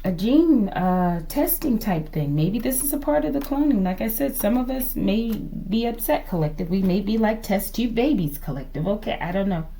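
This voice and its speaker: A woman's voice: medium pitch, lively intonation, normal speed, few pauses, warm tone, a little hiss or hum. A woman giving a casual tarot reading to her viewers, musing aloud, asking the cards to show her and often calling her audience "collective". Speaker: tarot reader.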